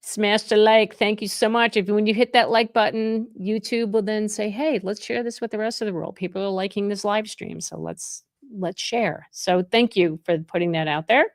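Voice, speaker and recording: A middle-aged woman from New Jersey, a real estate agent chatting casually on a live stream, reading viewer comments and greeting people by name with excited bursts. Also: medium pitch, normal speed, few pauses, dry recording, clean studio sound.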